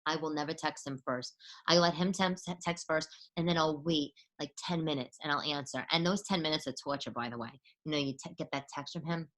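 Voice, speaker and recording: A woman's voice: sits low, fairly even intonation, a little fast, fairly bright tone. A woman, hosting a casual monologue podcast. She is chatty and sarcastic and acts out texts in mocking voices. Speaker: podcast host.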